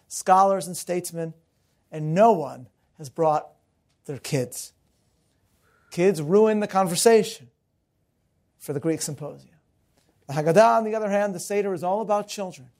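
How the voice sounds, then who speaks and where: A man's voice: on the high side, darkish tone. A middle-aged man lecturing as a rabbi, earnest and mixing stories with humor. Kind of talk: recorded lecture.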